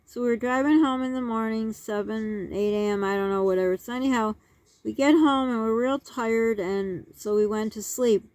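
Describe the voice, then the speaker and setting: A woman's voice: on the high side, moderate pace, darkish tone, dry recording. A woman in her sixties telling a childhood story in a rambling vlog, with many asides and restarts. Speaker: vlogger.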